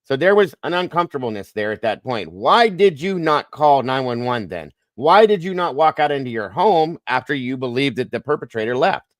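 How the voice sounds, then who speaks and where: A man's voice: mid-range voice, animated, moderate pace, dry recording. Blunt skeptical man, dry close sound. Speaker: panelist. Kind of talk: casual panel discussion.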